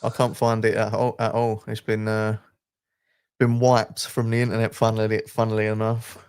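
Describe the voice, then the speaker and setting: A man's voice: lowish voice, monotone, normal speed, darkish tone, clean tone, no room sound, studio quality. A young man streaming live, talking bluntly and swearing in casual chat.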